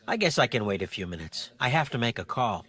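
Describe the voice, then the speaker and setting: Friendly middle-aged dad, husky, lively up-and-down tone, textbook dialogue. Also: male voice, mid-range voice, fast talker, heavily acted.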